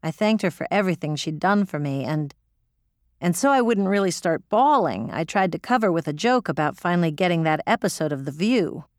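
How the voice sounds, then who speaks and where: A woman's voice: fairly low pitch, animated, brisk, no echo, clean studio sound. A woman narrating in the first person as an audiobook reader, gritty, profane and emotional.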